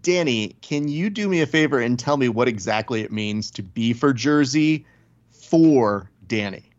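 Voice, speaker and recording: A man's voice: medium pitch, fairly quick. A man hosting a casual podcast chat, joking while steering the talk. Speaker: podcast host. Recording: dry, muffled lo-fi audio.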